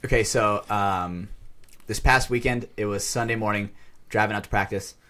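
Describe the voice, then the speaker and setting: A man's voice: fairly low pitch, fairly even intonation, normal speed, pushed and bright. A man on a podcast telling a rambling casual story, full of fillers and swearing. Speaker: podcast co-host.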